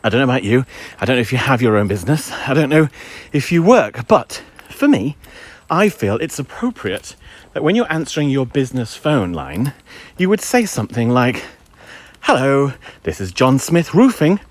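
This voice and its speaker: A man's voice: mid-range voice, sing-song, normal speed, no room sound. Wry man chatting on a walk. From England. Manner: wry storyteller, mimics voices. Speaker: vlogger. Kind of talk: casual chatty live-stream ranting. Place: outdoors, walking a dog.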